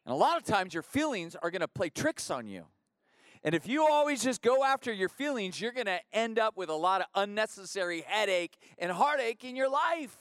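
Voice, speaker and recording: A pastor preaching a conversational sermon in church, repeating phrases and building rhythmic refrains. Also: male voice, sits high, big pitch swings, fairly quick, fairly bright tone, dry recording, clean studio sound.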